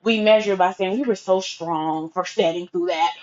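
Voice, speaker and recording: A woman's voice: on the low side, moderate pace, darkish tone, lightly acted. A woman voicing a blunt older man who gives preachy, profane advice, on a dull lo-fi recording. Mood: lecturing. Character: older male mentor, blunt and tough-loving.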